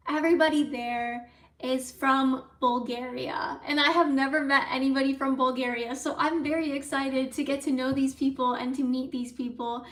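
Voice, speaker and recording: A young woman vlogger telling a story in a casual, chatty, excitable way, full of likes and ums. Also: sits high. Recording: roomy, from a distance off mic.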